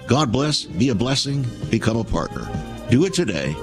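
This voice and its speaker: A man's voice: medium pitch, sing-song, normal speed, over music. A man preaching an emphatic broadcast sermon, addressing listeners as friends. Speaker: radio preacher.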